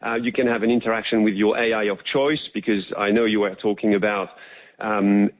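A man with a French accent, a guest on a phone interview, earnestly pitching a product with plenty of fillers. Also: flat delivery, a little fast, slight background noise. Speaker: tech company guest. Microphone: phone line. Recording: tinny phone line.

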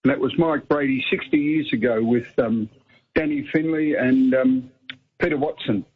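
A man with an Australian accent calling in to a radio show, reminiscing haltingly about the past. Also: medium pitch. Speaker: caller. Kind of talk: phone-in reminiscence. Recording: tinny phone line.

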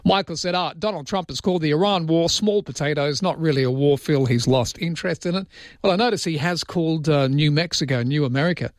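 Chatty radio host, dry studio sound. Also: male voice, a little high, a little fast, no echo. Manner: chatty, wry, reads listener texts aloud. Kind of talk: casual talkback radio chat.

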